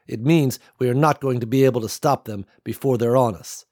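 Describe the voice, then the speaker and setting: A man voicing a grim, steady father who explains the danger calmly. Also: mid-range voice, fairly quick, no room sound, studio quality, natural voice. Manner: calm, matter-of-fact.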